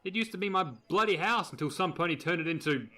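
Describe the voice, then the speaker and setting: A man's voice: high voice, fast talker, pushed and bright. A man voicing an exasperated, sardonic adult stallion. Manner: dry and sarcastic.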